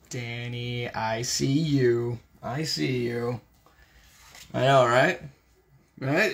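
A man's voice: medium pitch, steady tone, drawn-out words, gravelly, long pauses, a bit bright, soft background music. A young man, a voice actor, chatting casually with viewers on a livestream while signing autographs, laid-back and upbeat.

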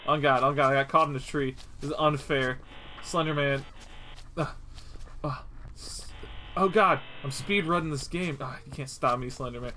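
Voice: medium pitch, moderate pace, bright, forceful tone, a little hiss or hum, low-quality recording. A young adult streamer giving live gameplay commentary, swearing often, laughing at the game and talking straight to the enemy.

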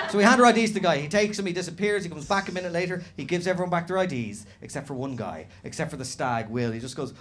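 A man doing animated stand-up storytelling on a comedy club stage, slipping into other people's voices. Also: a little high, a little fast, noisy background. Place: comedy club stage before a live audience. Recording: live room with audience laughter.

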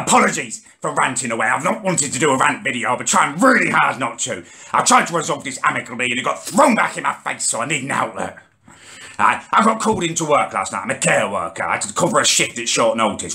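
A man's voice: mid-range voice, bright, forceful tone. A man ranting indignantly to camera as the host of a comedic vlog, swearing often. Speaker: vlogger host.

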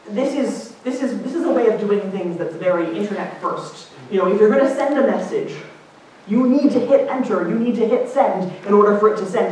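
A woman linguist giving a casual public lecture, chatty and animated, putting on higher voices for the people she quotes. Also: a little hiss or hum. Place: lecture hall. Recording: echoey hall from far off.

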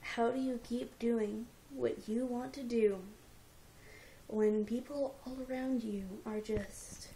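Slow, gravelly young woman venting. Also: on the high side, fairly even intonation, mellow, a little hiss or hum. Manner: frustrated, rambling, tearful. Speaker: reptile rescue keeper. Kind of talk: emotional personal vlog. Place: at home indoors. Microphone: handheld camera at arm's length.

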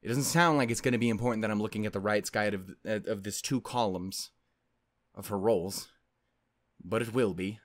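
A man's voice: lowish voice, moderate pace, dry recording. A man telling a story to his video audience in a rambling, casual way. He interrupts himself often and swears a lot. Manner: rambling, self-interrupting, swears a lot, keeps saying "anyway, point is". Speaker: anime video creator.

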